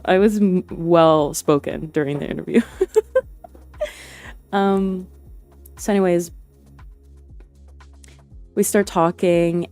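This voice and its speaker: A woman's voice: low voice, a little mellow. A young woman streamer chatting casually and hesitantly, with lots of fillers and restarts. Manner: rambling and hesitant, many fillers and restarts, laughs often. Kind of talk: casual livestream chat.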